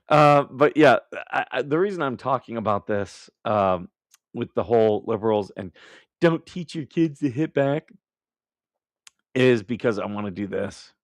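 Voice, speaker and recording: A man's voice: mid-range voice, expressive, unhurried, pauses often, no echo. A man hosting a casual live stream, talking bluntly and combatively with lots of swearing and laughing at his own remarks. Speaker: livestream host.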